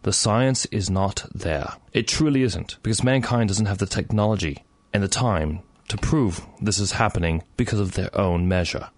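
A man's voice: on the low side, normal speed, dry recording, lightly acted. A tipsy man putting on an English accent to voice his older father, a frank physicist who swears bluntly. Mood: earnest.

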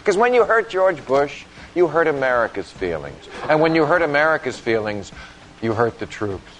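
A man's voice: fairly high pitch, sing-song, normal speed, slight background noise, low-quality recording. A man hosting a comedy show, delivering a sarcastic, mock-indignant satirical monologue. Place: studio stage before a live audience. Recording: stage mic with loud live audience.

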